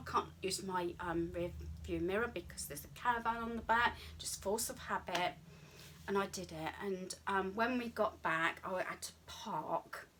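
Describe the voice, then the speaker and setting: A woman's voice: fairly low pitch, bright, forceful tone, slight background noise. A British woman in her fifties telling a personal story to camera in a rambling, chatty way, with lots of ums and asides and her own thoughts acted out in quotes. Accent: British English. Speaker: vlogger.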